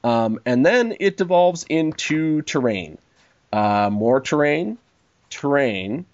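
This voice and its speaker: A man hosting a casual chat, animated and swearing freely, quoting people in mock voices, on a dull lo-fi recording. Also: medium pitch, slow pace, dry recording.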